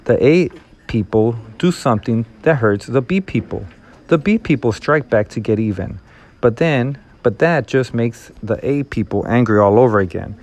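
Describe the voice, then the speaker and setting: A man reading the lines of a weary, gentle woman guide in a calm, explaining way. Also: mid-range voice, normal speed, natural voice.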